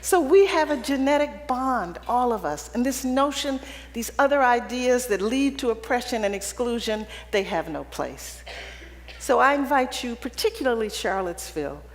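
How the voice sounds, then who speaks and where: Her fairly high, expressive voice moves at a moderate pace as she gives a keynote speech to an audience in an event hall. The talk is humorous and conversational, built on personal stories and regular "right?" check-ins, all carried on a long hall reverb.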